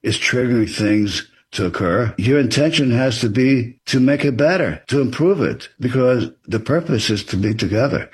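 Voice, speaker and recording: A husky, mid-range male voice speaks expressively at a moderate pace with few pauses. He's an author in an interview, earnest and advisory, even acting out sample dialogue.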